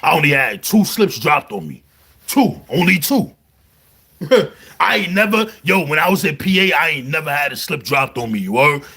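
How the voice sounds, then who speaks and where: A man with a Brooklyn accent, telling jail stories in a casual, animated monologue full of slang. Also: on the high side, normal speed, husky. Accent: New York, Brooklyn. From New York. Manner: animated storytelling, heavy slang, repeats "you heard". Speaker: vlogger.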